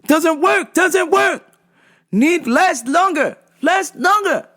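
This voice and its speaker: A woman doing a frantic, desperate man who yells in clipped, broken phrases. His voice is pitched far above her own and swings wildly as he insists on something stronger. He is pushy and keeps repeating himself. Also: lively intonation, slow pace, full character voice. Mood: frantic insistent.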